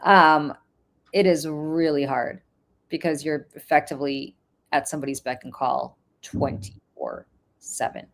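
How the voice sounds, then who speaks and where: Middle-aged New woman host, lowish voice, earnest storytelling, repeats herself for emphasis. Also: fairly even intonation, measured pace. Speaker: podcast host. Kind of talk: casual chat.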